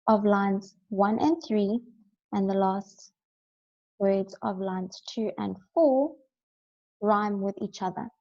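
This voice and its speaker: Slow, patient woman teacher. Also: mid-range voice, vocal fry, dark tone, dull audio. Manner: patient, explanatory, checks in with "right?". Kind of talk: recorded classroom lesson.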